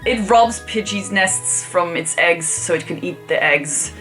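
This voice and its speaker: A woman's voice: lowish voice, measured pace, a bit bright, soft background music. A young woman casually rating creatures for her video channel, chatty and playful, with swearing and jokey asides. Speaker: YouTuber rating Pokémon. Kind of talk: casual commentary vlog.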